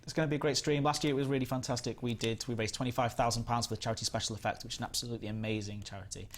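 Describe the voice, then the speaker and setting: A man's voice: medium pitch, fairly even intonation, very fast, a little hiss or hum. A man with a Northern English accent hosting a casual gaming live stream, rambling and chatting while reading out viewer comments. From England. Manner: rambling, chatty, reads chat aloud.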